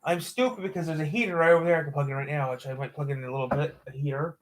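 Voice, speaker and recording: A man's voice: a little high, rapid-fire. Rambling man chatting on a live stream. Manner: rambling, hesitant, lots of fillers. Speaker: livestream host. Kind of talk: casual live-stream chat. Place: cold room in a house.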